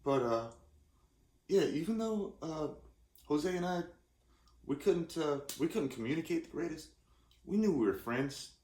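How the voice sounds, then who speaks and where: A man's voice: on the high side, lively intonation, measured pace, pauses often, a little mellow. A man in his forties from California, talking casually in a rambling, self-interrupting way with lots of restarts. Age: 40s. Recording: roomy echoey room.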